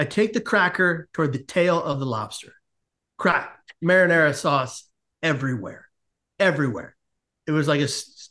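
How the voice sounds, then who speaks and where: A man's voice: fairly high pitch, a bit bright. A man, a podcast guest, telling a long comic story in casual conversation and acting out the quotes as he goes.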